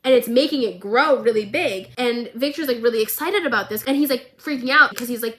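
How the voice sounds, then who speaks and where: A young woman vlogger giving a casual, animated recap of a show, with lots of filler words. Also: fairly high pitch, fairly quick, hardly any pauses. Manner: animated, chatty, filler-heavy.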